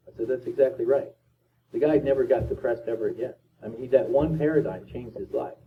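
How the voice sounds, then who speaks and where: A man's voice: medium pitch, slight background noise. Emphatic motivational man in his fifties. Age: 50s. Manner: emphatic, repetitive, preachy. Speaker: motivational speaker. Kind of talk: motivational talk. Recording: distant tinny lo-fi recording.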